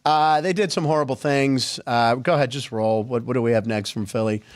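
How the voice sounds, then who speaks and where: A man's voice: mid-range voice, fairly quick. A man hosting a sports podcast, chatting casually with wry, sarcastic asides.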